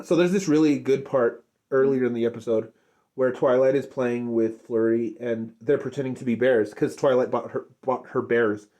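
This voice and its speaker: A young man giving an unscripted, rambling review of a cartoon episode, gushing and excitable, full of filler words. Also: mid-range voice. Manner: rambling, lots of filler likes and restarts. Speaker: show reviewer.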